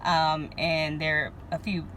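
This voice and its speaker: A woman with a Southern US accent talking casually to her followers in a vlog, speaking slowly and earnestly. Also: sits low, flat delivery, fairly bright tone, a little hiss or hum. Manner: slow and deliberate, earnest. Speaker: language-learning vlogger.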